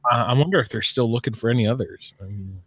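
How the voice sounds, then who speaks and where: A man in casual podcast chat, relaxed while plugging his own show. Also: medium pitch, quick pace, noisy background. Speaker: podcast co-host.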